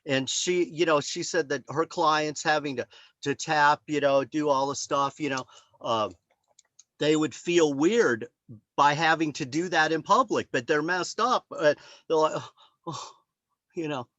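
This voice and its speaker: A man's voice: a little high, a little slow, a bit bright, dry recording. A man presenting his book over a video call, telling stories in a rambling way and acting out the voices of the people he quotes. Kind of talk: casual talk on a video call.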